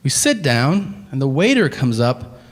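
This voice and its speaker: A man telling a stand-up story on stage, deadpan and exasperated as he acts out the dialogue. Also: medium pitch, unhurried. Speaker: stand-up comedian. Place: comedy theater stage. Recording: live theater hall with faint ambience. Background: audience laughter.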